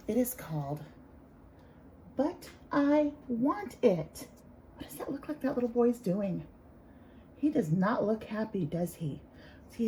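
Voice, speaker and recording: A woman who teaches preschool, leading circle time with young children in a slow, encouraging singsong. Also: medium pitch, dark tone, slight background noise, poor audio.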